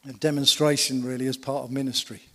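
Preacher, emphatic storyteller. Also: male voice, mid-range voice, level tone, fast talker. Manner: emphatic storytelling with rhetorical questions. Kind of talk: sermon. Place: church. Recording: long reverb of a church hall.

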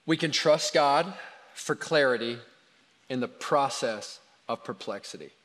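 Guy pastor preaching, tells stories all lively, long echo off the hall. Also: medium pitch, a little slow. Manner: animated storytelling, quoting his kids. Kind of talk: sermon.

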